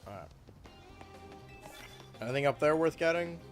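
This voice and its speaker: A young man casually commenting on his gameplay as a streamer, chatty and self-mocking, with sudden loud outbursts and a voice getting worn. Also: a little high, animated, normal speed, soft background music.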